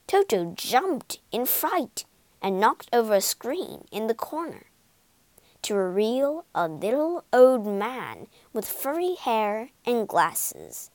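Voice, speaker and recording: A woman narrating a storybook in a slow, deliberate way for English learners, with expressive reading. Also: mid-range voice, no room sound.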